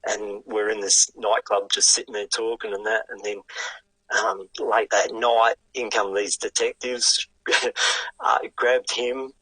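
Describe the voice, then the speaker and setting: Husky older Australian man spinning a yarn. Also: on the low side, takes it slowly, dry recording, low-quality recording. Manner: animated yarn-spinning with casual swearing. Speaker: guest, retired sidecarcross racer. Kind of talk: casual storytelling.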